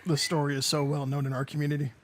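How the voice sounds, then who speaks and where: A man's voice: a little high, flat delivery, racing, background noise. A man co-hosting a podcast about emergency medical work, telling a story in a careful, hedging way. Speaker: EMS podcast co-host. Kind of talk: casual storytelling chat.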